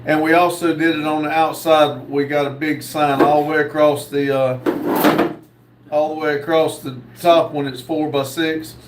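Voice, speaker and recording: A man hosting a live stream, reading viewer comments aloud and answering them, with many pauses and fillers. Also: a little high, little pitch movement, reverberant, distant mic, very noisy. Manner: slow, reads comments aloud with many uhs. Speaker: host reading live chat. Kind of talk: casual live stream chat.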